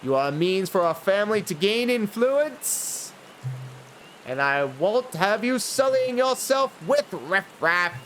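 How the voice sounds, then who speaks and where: Cold controlling aristocrat father, put on by a man reading a game scene, slow and lively in pitch. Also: faint music behind, full character voice. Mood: commanding. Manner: cold, commanding, menacing. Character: stern domineering noble father, middle-aged man.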